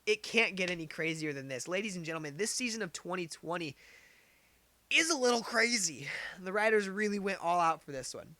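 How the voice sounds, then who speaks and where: A man's voice: high voice, animated, fairly quick, bright, forceful tone, no room sound. A man giving opinionated political commentary, getting heated, firing off rhetorical questions and repeating his points. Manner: heated, gets worked up.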